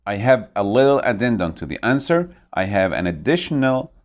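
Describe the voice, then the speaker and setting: A man with a fairly low voice runs an English vocabulary lesson, his pitch swinging up and down as he explains. He says each new word slowly and repeats it so learners can copy the pronunciation. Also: sing-song.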